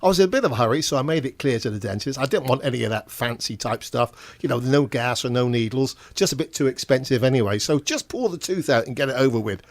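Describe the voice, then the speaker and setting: A man's voice: mid-range voice, quick pace, hardly any pauses. Older man telling stand-up jokes. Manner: deadpan, chuckles at his own punchlines. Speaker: stand-up comedian and show compere.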